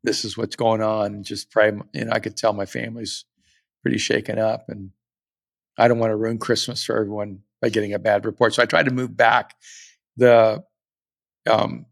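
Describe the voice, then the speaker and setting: A man's voice: fairly low pitch, level tone, normal speed, creaky, no room sound. A middle-aged man hosting a podcast, telling a personal story in an earnest, reflective way with frequent restarts. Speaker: podcast host.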